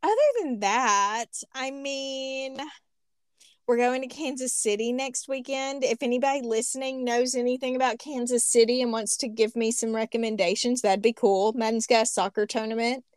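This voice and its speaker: Chatty woman, fairly high voice. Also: fairly even intonation, normal speed, no echo, clean studio sound. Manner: chatty, rambling, self-deprecating jokes. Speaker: podcast co-host. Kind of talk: casual chat. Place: small closet.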